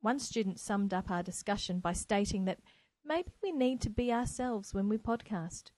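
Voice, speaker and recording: Woman teacher, podcast host, from New Zealand, earnest and eager, warm tone, close dry sound. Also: medium pitch, moderate pace, no room sound, rough recording. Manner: earnest, enthusiastic. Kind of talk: solo educational podcast. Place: home, by a window. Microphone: microphone.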